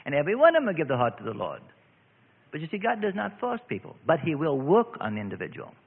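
A husky-voiced male preacher delivering an earnest radio sermon, his pitch swinging lively up and down as he tells stories and repeats phrases. The sound is thin and phone-like, with a long hall reverb trailing behind. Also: quick pace. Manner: earnest, animated storytelling with repetitions. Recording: tinny narrow-band radio broadcast with hall reverb.

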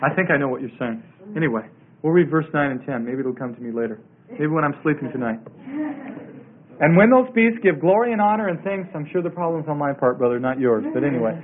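A man's voice: fairly high pitch, expressive, fairly quick. A man teaching a Bible study in a sermon style, emphatic and repeating his key words. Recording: tinny phone-like radio broadcast.

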